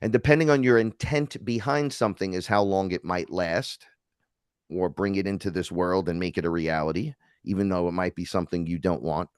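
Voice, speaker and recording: A man's voice: low-pitched, fairly even intonation, a little fast, clean tone, no room sound, studio quality. A man from New York telling a spiritual encounter story in casual talk, acting out the voices he quotes and swearing freely. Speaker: podcast guest.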